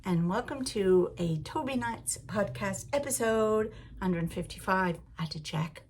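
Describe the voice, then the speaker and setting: A woman hosting a knitting podcast in a rambling, chatty way, with frequent laughs and animated asides. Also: mid-range voice, a little slow, slight background noise.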